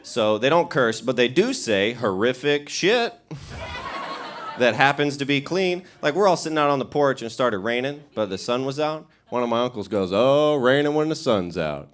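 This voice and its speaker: A young man from the American South works a stand-up crowd, his pitch leaping and dropping as he tells stories. He slips into quick put-on voices for the people he mocks. The live club behind him is noisy with laughter. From Royston, Georgia, US South. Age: young adult. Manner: animated storytelling, quick bursts of put-on voices. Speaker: stand-up comedian. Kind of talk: stand-up comedy set. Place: comedy club stage before a laughing audience.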